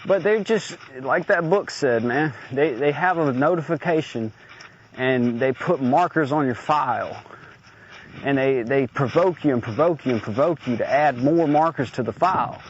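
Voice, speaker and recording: A man's voice: mid-range voice, normal speed. Blunt, profane man venting on a lo-fi recording. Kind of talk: personal audio diary rant. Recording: dull lo-fi recording with faint noise.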